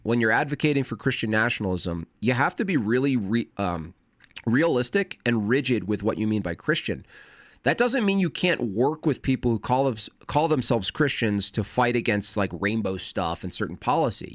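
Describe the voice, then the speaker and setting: A man on a casual livestream, talking fast and wordily with frequent restarts. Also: medium pitch, sing-song, no room sound, clean studio sound. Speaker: streamer.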